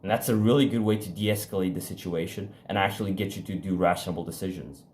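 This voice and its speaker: Speaking with a deep, darkish voice and fairly even intonation, a young self-improvement vlogger addresses the camera in a loose motivational talk over slight background noise. He rambles bluntly, swearing, restarting, and using fillers, and shifts his pace faster or slower for emphasis.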